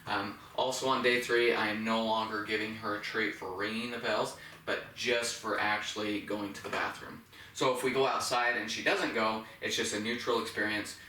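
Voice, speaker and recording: A man's voice: lowish voice, little pitch movement, moderate pace, slight background noise. A man working as a dog trainer, giving step-by-step instructions while he demonstrates with a dog indoors. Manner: explains step by step, bright praise to the dog. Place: indoors in a home. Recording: roomy, from a distance.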